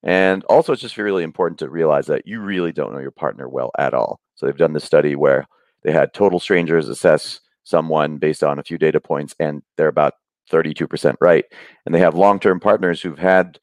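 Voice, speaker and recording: Deep-voiced man explaining with lively stories. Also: fairly quick, dry recording. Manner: animated storyteller, acts out quoted voices. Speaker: guest speaker on happiness. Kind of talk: conversational explaining with anecdotes.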